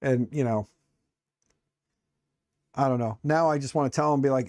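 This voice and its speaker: Man, middle-aged, casual stream chatter, mellow tone, muttering while working, dry recording. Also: mid-range voice, moderate pace, no echo. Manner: joking, self-mocking, rambling; muttering to himself while tinkering. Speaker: streamer building a 3D printer.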